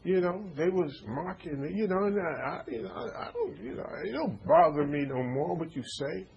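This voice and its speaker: Male preacher, slightly high voice, informal sermon full of stammered repeats and "are you with me?" asides, faint hiss under the voice. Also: very animated, moderate pace, vocal fry, lo-fi sound. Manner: stammering repetitions, call-and-response asides.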